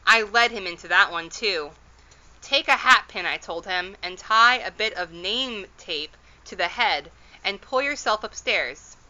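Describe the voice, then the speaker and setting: A woman's voice: mid-range voice, pushed and bright, muffled recording. A woman voicing an anxious, tearful little mother who scolds and frets. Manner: fretful, scolding, quick to tears.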